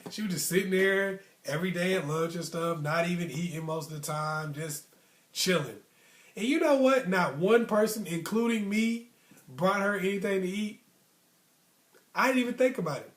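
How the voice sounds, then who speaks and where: A man casually telling a personal story in a relaxed, slangy, rambling way, full of asides. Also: high voice, normal speed. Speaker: storyteller host. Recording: roomy echo.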